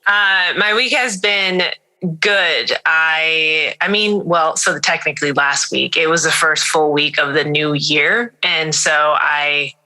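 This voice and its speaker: A woman's voice: sits low, slow, bright, forceful tone, poor audio. A woman co-hosting a podcast, chatting in a playful, teasing way. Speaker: podcast co-host. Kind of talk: casual chat.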